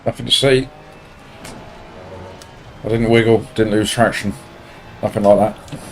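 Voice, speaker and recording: A man's voice: fairly low pitch, steady tone, unhurried, poor audio. A man with a Portsmouth accent chatting casually with his viewers while racing, joking dryly and bantering. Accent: Portsmouth English. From Portsmouth, England. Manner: dry, joking banter with chat. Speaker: sim racing streamer. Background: faint car engine noise.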